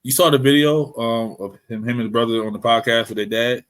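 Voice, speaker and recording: A man's voice: medium pitch, brisk. A man co-hosting a podcast, chatting casually and joking around with his best friend. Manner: playful, joking banter. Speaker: podcast co-host. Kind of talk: casual chat. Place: away from usual studio.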